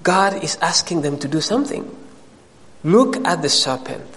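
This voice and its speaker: Animated preaching man in a reverberant hall. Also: fairly high pitch, moderate pace. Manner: animated, rising emphatic preaching. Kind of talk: sermon.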